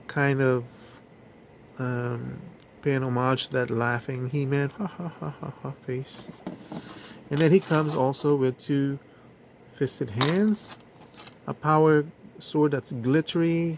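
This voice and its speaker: A man's voice: mid-range voice, a little hiss or hum. A man casually reviewing action figures, talking in a hesitant way with many fillers. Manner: slow, hesitant, lots of fillers. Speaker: toy reviewer.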